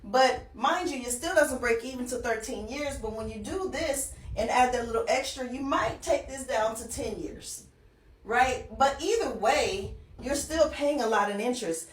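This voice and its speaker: Recorded from a distance in an echoey room, a financial educator with a slightly high voice casually explains a mortgage example at a moderate pace. She keeps it conversational, checking in with "okay?" often.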